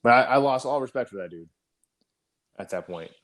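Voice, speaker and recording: A man's voice: mid-range voice, expressive, brisk, a bit bright. A man on a podcast telling an army story in a casual, profane way, full of fillers and restarts. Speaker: podcast co-host, army veteran.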